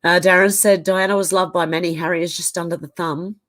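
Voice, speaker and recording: A woman's voice: on the low side, fairly even intonation, fairly quick, a bit bright. A woman with an Australian accent hosting a casual livestream, reading viewer comments aloud and reacting to them. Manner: reads out chat comments and reacts conversationally.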